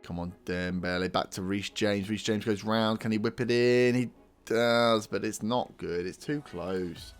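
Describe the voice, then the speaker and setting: A young man casually commentating his own football management game, excitable and talking to the players as the match plays out. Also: on the low side, unhurried, smooth, soft background music. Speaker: gaming YouTuber. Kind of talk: casual let's-play commentary.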